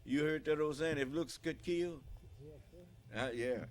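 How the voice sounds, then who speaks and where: A man preaching on a live broadcast, speaking loudly and climbing into fervent shouting, pausing now and then to clear his throat. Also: fairly high pitch. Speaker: religious leader.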